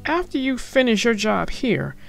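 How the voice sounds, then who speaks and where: A woman's voice: on the high side, very animated, moderate pace, creaky, faint music behind. A woman voicing a guarded, curt male tram engine in a storybook. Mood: wary.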